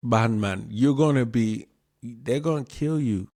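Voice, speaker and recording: A man's voice: medium pitch, unhurried, darkish tone, no echo, studio quality. A man hosting his own show, giving casual commentary in an emphatic way, repeating his points and asking rhetorical questions. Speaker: show host.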